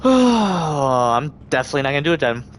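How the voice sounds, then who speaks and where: A man's voice: fairly high pitch, very animated, moderate pace, slight background noise. A man live-streaming a video game, talking to himself and swearing in frustration. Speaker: gaming streamer. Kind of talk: casual live-stream commentary.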